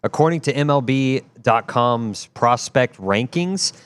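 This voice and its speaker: A man, the show's director, giving brisk sports updates and running through stats and lists. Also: medium pitch, animated, smooth.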